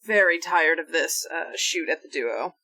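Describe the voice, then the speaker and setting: Casting: woman, bright and forceful tone, tabletop player, dry close mic. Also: deep voice, expressive, moderate pace, no room sound, low-quality recording. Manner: matter-of-fact, describes her character's actions. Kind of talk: casual tabletop play.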